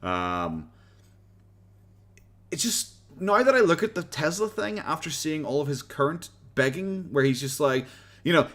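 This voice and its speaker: A man's voice: on the high side, sing-song, a little slow, a bit bright. A man with an Irish accent streaming casual commentary, sarcastic and swearing freely. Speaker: streamer reacting to videos.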